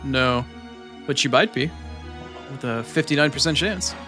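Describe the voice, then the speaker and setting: Male streamer at a desk mic, mid-pitched voice, easygoing chat with soft cooing asides, faint music underneath. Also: unhurried. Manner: chatty, coos softly while petting his cat. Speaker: video game streamer. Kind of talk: casual live-stream chat. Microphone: desk microphone.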